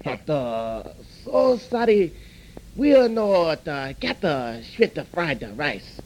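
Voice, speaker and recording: Dude playing a rude stubborn restaurant worker, broken halting english, lots of uh's. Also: male voice, high voice, very animated, darkish tone, husky, heavily acted. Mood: flustered.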